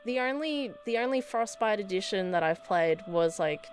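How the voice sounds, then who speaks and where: A woman's voice: medium pitch, expressive, moderate pace, music in the background. A young woman hosting a let's play, reading game text aloud and chatting casually, self-deprecating with frequent laughs. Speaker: gaming video host.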